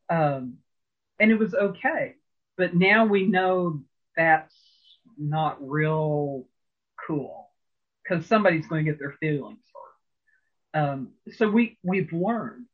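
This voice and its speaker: A man's voice: on the high side, breathy edge. A man in an interview telling stories in a rambling, chatty way, with lots of fillers and restarts. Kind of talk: casual storytelling interview. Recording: phone-like narrow sound.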